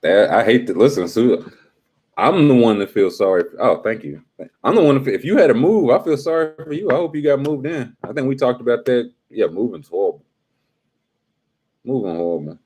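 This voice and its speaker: A man's voice: mid-range voice, expressive, fairly quick, darkish tone, breathy edge. A young adult man hosting a casual live stream, teasing and talking straight to his chat in slangy speech.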